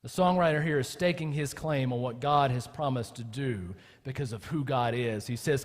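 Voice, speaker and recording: A man's voice: medium pitch, animated, normal speed, big-room sound. A man preaching a sermon as pastor, talking casually with his congregation and building to impassioned emphasis. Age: adult with children. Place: church.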